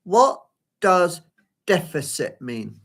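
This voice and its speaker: A man's voice: sits high, big pitch swings, slow, fairly bright tone. A man giving a live solo performance at home, rambling and flustered as he talks to himself. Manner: rambling, flustered self-talk. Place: at home by a window.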